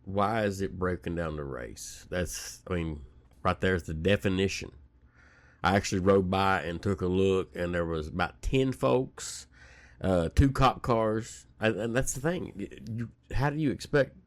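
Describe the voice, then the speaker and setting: A deep-voiced man in his forties rants on his own podcast, blunt and profane. His tone is heated and plainspoken. The recording is dry and close, with no room echo. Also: measured pace. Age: 40s. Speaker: podcast host. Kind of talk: casual rant.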